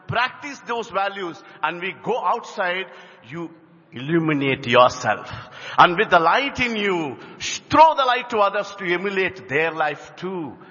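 Male teacher, storytelling talk; high husky voice in a reverberant hall. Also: pushed and bright. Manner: storytelling, acts out dialogue. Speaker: teacher and speaker at a spiritual college. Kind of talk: inspirational talk to students. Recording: dull hall with long reverb.

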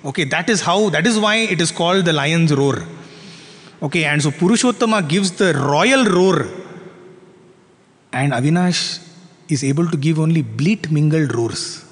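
A man telling a parable as a spiritual teacher, animated and full of rhetorical questions. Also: a little high, normal speed. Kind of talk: storytelling sermon. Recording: long reverb in a hall.

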